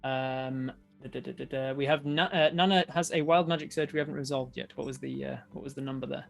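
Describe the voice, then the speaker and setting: A man's voice: medium pitch, fairly even intonation, a little fast, creaky, faint music behind. A man with an Australian accent running a tabletop game as dungeon master, narrating with frequent laughs. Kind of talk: game narration for a live stream.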